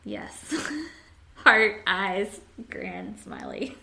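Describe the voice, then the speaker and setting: A woman's voice: mid-range voice, huge pitch swings, extremely slow, vocal fry, bright, forceful tone. A woman hosting a podcast, casually chatting and reading listener comments aloud with frequent laughs. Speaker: podcast host.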